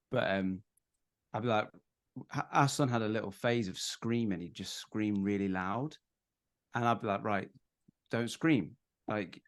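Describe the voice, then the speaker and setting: A man, a podcast guest, chatting casually and acting out quotes as he tells stories about his family. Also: lowish voice. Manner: animated storytelling with acted-out quotes. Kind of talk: casual chat.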